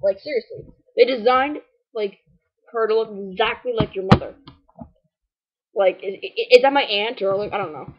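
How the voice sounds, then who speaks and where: A woman's voice: medium pitch, moderate pace, muffled recording, background noise. A woman casually commenting on a game walkthrough, rambling and sarcastic with lots of "like" and "anyways". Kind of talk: casual let's-play commentary.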